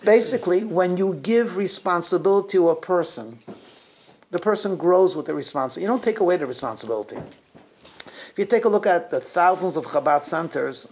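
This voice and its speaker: A man's voice: high voice, slight background noise. A middle-aged man, a rabbi, telling anecdotes to his congregation, often chuckling mid-sentence and restarting his phrases. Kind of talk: anecdotal holiday talk to a congregation.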